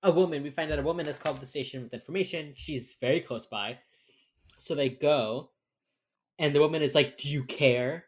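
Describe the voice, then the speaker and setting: A man's voice: a little high, fairly quick, slight background noise. A man co-hosting a podcast, tipsy and ranting with heavy sarcasm and casual swearing while recapping a TV episode. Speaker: podcast co-host.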